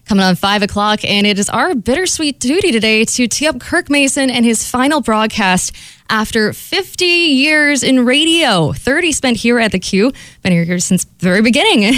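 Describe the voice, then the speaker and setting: A woman hosting a music radio show, leading into the next segment with bright, scripted patter. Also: on the high side, no echo. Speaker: radio host. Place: radio studio.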